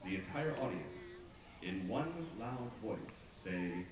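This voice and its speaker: A man's voice: low voice, takes it slowly. A man telling a story to a live audience, leading them in call-and-response chants. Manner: lively, leads the crowd in chants and sound cues. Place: outdoor park stage. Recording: echoey live outdoor recording from far off, crowd and noise.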